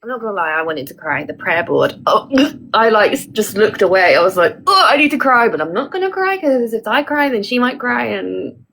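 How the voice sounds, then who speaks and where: A woman's voice: mid-range voice, very animated, normal speed, creaky, a bit bright, slight background noise, low-quality recording. A woman, chatting on a phone livestream as a reassuring, frank and supportive friend. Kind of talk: casual chat.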